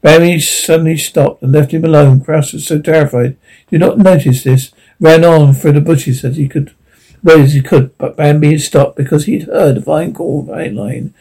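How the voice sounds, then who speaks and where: A man narrates a storybook in a mellow, somewhat high voice. His reading is unpolished, with frequent restarts and small slips. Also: fairly even intonation, normal speed, vocal fry, slightly rough, rough recording. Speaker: audiobook reader.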